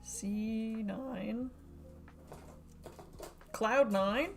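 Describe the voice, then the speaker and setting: A woman's voice: fairly high pitch, very slow, vocal fry, faint music behind. Chatty young woman streaming a build. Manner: chatty, joking, laughs often. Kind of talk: casual chat while building model kits.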